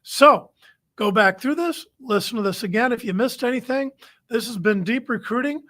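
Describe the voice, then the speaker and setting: A man's voice: very high voice, moderate pace, bright, forceful tone. A man hosting a recruiting show, giving numbered coaching tips straight to the camera in a firm, plain-spoken way. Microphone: camera-facing webcast.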